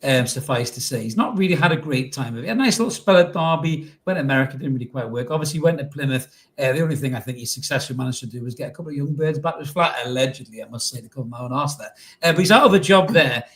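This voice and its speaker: A man's voice: mid-range voice, fast talker. A middle-aged man co-hosting a casual football podcast, cheeky and joking, swearing freely and laughing often. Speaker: podcast co-host.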